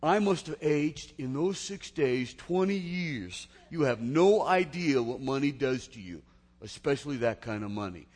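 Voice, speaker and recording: A man putting on a South Philadelphia accent to play a weary, bitter working man, talking loud and strained. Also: medium pitch, animated, a little slow, slightly rough, long reverb tail, pitched above the performer's own voice.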